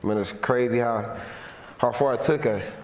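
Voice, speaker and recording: Young man's emotional thank-you speech in an echoey hall. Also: mid-range voice. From Florida, USA. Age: 20s. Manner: heartfelt and halting, repeating phrases, holding back emotion. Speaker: award winner giving an acceptance speech. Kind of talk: unscripted acceptance speech. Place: large hall, on a stage. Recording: echoey hall with long reverb and faint noise.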